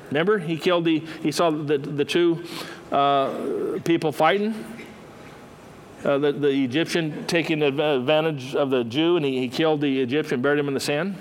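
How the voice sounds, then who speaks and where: A man's voice: on the high side, fairly even intonation, moderate pace, a little hiss or hum, poor audio. A man preaching a sermon in a conversational storytelling way, acting out the characters as he goes.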